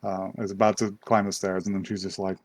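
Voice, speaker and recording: A man's voice: sits low, flat delivery, fast, a little mellow, dry recording. Young guy rambling thru an anime recap on a podcast, swears a lot, laughs, dry close mic. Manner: rambling, profane, laughs often. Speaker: podcast host. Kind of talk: casual chat, recapping an anime.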